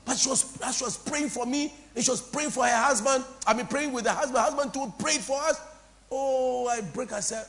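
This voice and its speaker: A woman pastor from Ghana, preaching a sermon to a congregation in an impassioned, repetitive, sing-song way that swings between soft and loud. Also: a little high, a little fast. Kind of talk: preaching a sermon with call-and-response. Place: church before a congregation.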